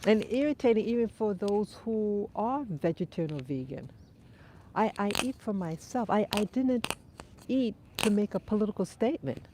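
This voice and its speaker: A woman's voice: mid-range voice, animated, moderate pace, noisy background. A woman hosting a live stream on an outdoor dog walk, talking things over in a thoughtful, conversational way and answering viewers' comments, with a runny nose. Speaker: livestream host.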